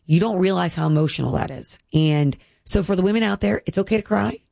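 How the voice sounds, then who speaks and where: A woman's voice: lowish voice, a little fast, creaky, warm tone, no echo. A woman in her thirties, a guest speaking earnestly and emotionally about her health, with many "like" fillers. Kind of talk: candid personal interview.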